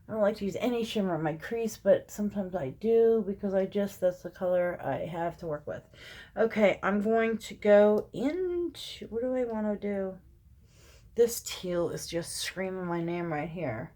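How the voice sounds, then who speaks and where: A woman's voice: mid-range voice, mellow. A middle-aged woman chatting casually through her own makeup tutorial, talking to viewers as she works and drifting into asides. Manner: chatty, rambling, gets heated when venting. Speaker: makeup vlogger.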